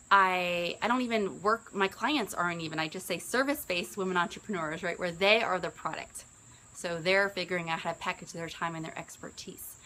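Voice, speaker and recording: Here a woman in her early forties, working as a business coach, tells her story in an earnest, chatty way, her voice going up when she quotes herself. She has a medium-pitched, slightly bright voice, and the audio is poor, carrying a little hiss or hum.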